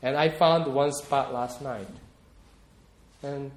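A man's voice: mid-range voice, fairly even intonation, slow, reverberant. A man preaching a sermon, talking in a reflective, personal way and often repeating words as he searches for them. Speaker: pastor.

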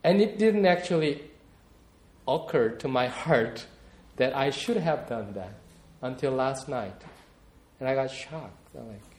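Slow, reflective male preacher in an echoey room. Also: medium pitch, expressive, darkish tone. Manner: reflective, personal, repeats words while searching for them. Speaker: pastor. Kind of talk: sermon.

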